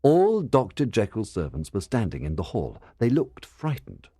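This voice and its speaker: A man narrating a story for English learners in a clear, measured reading style. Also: fairly low pitch, huge pitch swings, warm tone, dry recording, studio quality.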